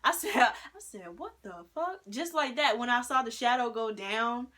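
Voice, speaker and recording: A woman casually telling a personal story at home, animated and slangy, with plenty of swearing. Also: on the high side, normal speed. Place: at home indoors.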